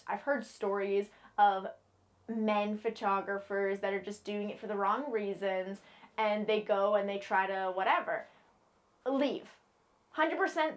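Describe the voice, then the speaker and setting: A young woman from New England giving casual, frank advice to camera, chatty and playful with lots of fillers. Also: medium pitch. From New England, United States. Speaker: model and vlogger.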